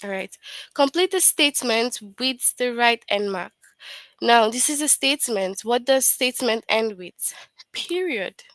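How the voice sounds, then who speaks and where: A woman's voice: fairly high pitch, lively intonation, measured pace, fairly bright tone, no room sound, low-quality recording. A woman teaching an online grammar lesson to young children, patient and repetitive, often checking in with questions.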